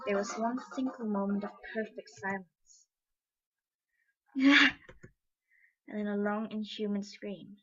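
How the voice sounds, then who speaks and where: A woman's voice: medium pitch, little pitch movement, moderate pace, hardly any pauses, a little mellow. A woman narrating a story aloud in an amateur reading, casual and stumbling now and then. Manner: casual, some stumbles and fillers. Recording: dull lo-fi with faint music.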